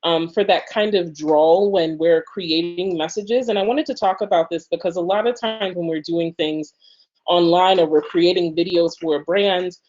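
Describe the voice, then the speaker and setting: A woman's voice: lowish voice, fairly even intonation, moderate pace, a little mellow. A woman leading an online workshop, talking loosely with many fillers over a video call. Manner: loose, filler-heavy speech. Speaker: workshop instructor. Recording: slightly muffled video call audio.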